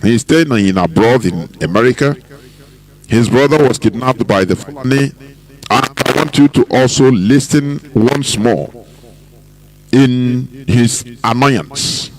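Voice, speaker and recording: A Nigerian man hosting a political radio broadcast, delivering commentary in an emphatic, preaching manner with drawn-out phrases. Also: medium pitch, rough recording. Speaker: radio host.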